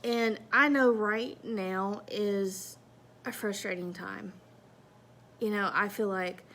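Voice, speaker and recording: A woman's voice: medium pitch, a bit bright, a little hiss or hum. A woman telling a personal story in a casual, chatty, self-mocking way.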